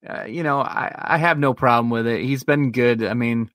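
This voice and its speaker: A man's voice: medium pitch, moderate pace, a bit bright, no echo, studio quality. Profane man telling a rambling story. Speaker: podcast co-host. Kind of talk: casual podcast chat.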